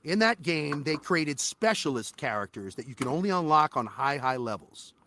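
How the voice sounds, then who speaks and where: A man guesting on an interview podcast, a voice actor telling animated, profane stories about his work. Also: fairly high pitch, moderate pace, slight background noise. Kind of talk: casual interview chat.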